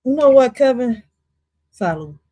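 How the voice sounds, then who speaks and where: A woman's voice: sits high, a little slow, a little hiss or hum. Brash, profane woman livestream host. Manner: loud, profane, animated, jumps between topics; drops in Spanish exclamations. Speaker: livestream host reacting to clips. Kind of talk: casual livestream commentary.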